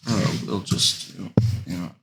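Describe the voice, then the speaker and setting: A man's voice: a bit bright, slight background noise. A young man giving casual, rambling commentary, hesitant and full of fillers. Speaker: vlogger.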